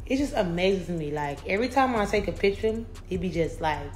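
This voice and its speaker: A woman's voice: lowish voice, animated, moderate pace, slight background noise. A young adult woman rapper talking casually in an interview, brash, boastful and full of profanity. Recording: roomy echo.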